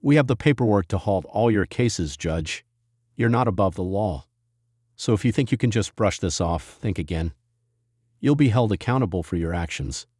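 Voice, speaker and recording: A man voicing a cold, stern federal agent who speaks in a measured, authoritative way. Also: fairly low pitch, lively intonation, a little mellow, slightly rough, no room sound, studio quality.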